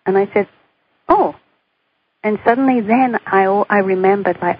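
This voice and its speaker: A middle-aged woman, a guest in an interview, telling a personal story in an animated way and acting out the voices she quotes. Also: medium pitch, normal speed, pauses often. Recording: dull radio recording, faint hiss.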